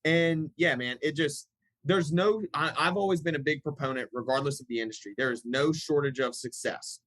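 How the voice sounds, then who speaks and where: Podcast guest dude, slightly high voice, emphatic, laid-back, dry close sound. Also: male voice, moderate pace, a bit bright, no room sound, low-quality recording. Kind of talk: casual podcast conversation.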